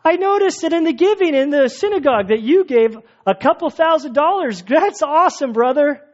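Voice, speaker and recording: A man voicing a fawning adult man who loudly praises a rich giver in public. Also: very high voice, expressive, fairly quick, voice pushed up. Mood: gushing. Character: gushing flatterer in a crowd, adult man. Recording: dull lo-fi sound.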